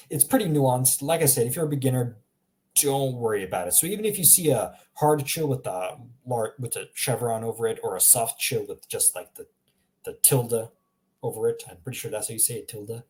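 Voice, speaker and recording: A man giving a casual spoken language lesson, explaining sounds with self-aware humor and repeating them slowly to demonstrate. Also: medium pitch, a little mellow. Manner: chatty, self-aware explaining with little laughs. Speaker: language teacher.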